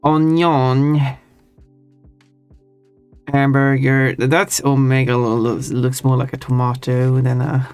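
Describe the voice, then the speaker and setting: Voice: medium pitch, level tone, moderate pace, hardly any pauses, darkish tone, no room sound. Chatty Swedish-accented streamer, dry close sound. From Sweden. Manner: chatty and explanatory, thinks aloud with restarts. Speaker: livestreamer. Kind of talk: casual live-stream chat. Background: faint background music.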